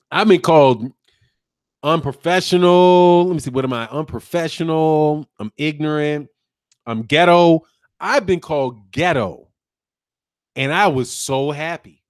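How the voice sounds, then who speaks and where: This American man, whose voice is on the high side, hosts his channel by casually chatting, joking, and laughing often as he reads viewer comments out loud. Studio-quality sound with no room noise.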